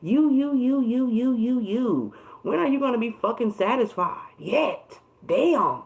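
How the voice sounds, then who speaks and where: Gravelly-voiced woman giving a tarot reading. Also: fairly high pitch, sing-song, unhurried, darkish tone, poor audio. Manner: emphatic, profane, repeats phrases for emphasis. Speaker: tarot reader. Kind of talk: casual tarot reading livestream.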